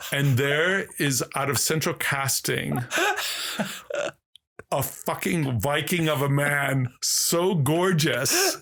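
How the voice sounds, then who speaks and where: A man telling a long, animated story as a podcast guest in casual conversation. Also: a little high, vocal fry, slight background noise. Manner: slow, drawn-out, animated storytelling.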